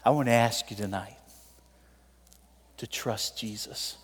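A man preaching a sermon in a church, telling a story and pleading with the congregation, swinging between loud appeals and soft, quiet moments. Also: fairly low pitch, a little slow, slightly rough. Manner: tells a story with voiced characters. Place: church sanctuary. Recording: long reverb of a large hall.

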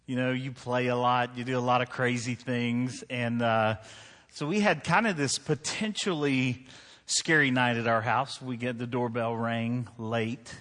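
A man in his thirties preaching to a congregation, easygoing and conversational, tossing in jokes and asking the room for agreement. His voice sits at a mid pitch. It rings out with a long reverb off a large hall. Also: steady tone, a little slow, a bit bright. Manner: conversational, joking, asks the crowd "right?". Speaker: pastor. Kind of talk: sermon with personal stories. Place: church hall.

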